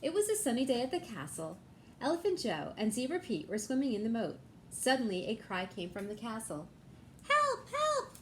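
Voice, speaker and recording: A woman reading a children's picture book aloud at storytime with an expressive, storybook cadence. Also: on the high side, brisk, slight background noise.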